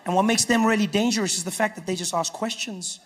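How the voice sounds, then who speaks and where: A man with a South African accent doing stand-up comedy, telling stories with animated delivery. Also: sits high, fast talker. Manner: animated storytelling, acting out characters.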